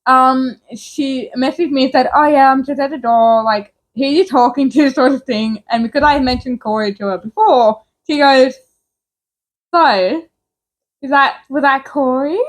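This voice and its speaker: Her high voice moves at a moderate pace as this young woman, a co-host, tells a story in a relaxed conversation. Chatty and animated, she laughs frequently.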